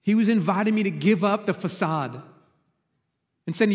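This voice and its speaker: A male pastor with a high voice preaches to his congregation, telling a personal story. He moves between loud, urgent stretches and hushed, quiet ones. His voice carries a long reverb from the large church hall. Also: moderate pace, pauses often. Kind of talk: sermon.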